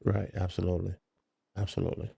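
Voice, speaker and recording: A middle-aged man co-hosting a podcast in relaxed, casual chat, posing hypothetical questions and reading out listener comments. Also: deep voice, fast talker, vocal fry, husky, no room sound. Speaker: podcast co-host.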